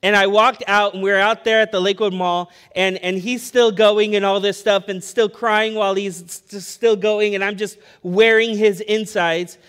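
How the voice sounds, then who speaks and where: A man's voice: high-pitched, steady tone, normal speed, few pauses, a bit bright, clear, resonant tone. A man preaching a sermon as pastor, conversational and storytelling, building emphasis as he speaks.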